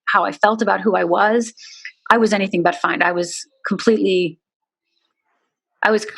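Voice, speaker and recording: A middle-aged woman, a guest in an interview, telling a deeply personal story in an earnest, candid way with many "you know"s. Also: fairly even intonation, normal speed, vocal fry, fairly bright tone, breathy edge.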